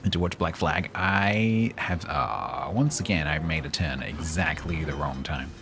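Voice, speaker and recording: A man's voice: extremely low pitch, unhurried, fairly bright tone, a little hiss or hum. A man with a London accent, chatting casually with viewers and reacting sarcastically while streaming a game. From London, England. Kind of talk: casual live gaming stream chat.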